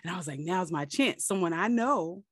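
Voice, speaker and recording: A woman hosting a podcast, telling embarrassing stories in an animated, self-deprecating way. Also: lowish voice, normal speed, breathy edge, no room sound, clean studio sound. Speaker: podcast host. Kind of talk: casual chat.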